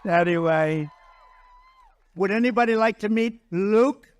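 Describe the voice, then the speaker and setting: A man's voice: high-pitched, a little slow. Older man giving a rambling rally speech. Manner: rambling, repetitive, boastful asides. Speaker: political candidate. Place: political rally stage.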